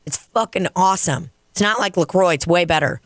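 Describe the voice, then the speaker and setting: A woman comedian co-hosting a podcast, telling stories in a casual, profane, animated way. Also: on the low side, a little fast, no echo, clean studio sound. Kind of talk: casual podcast chat and storytelling. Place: dining room.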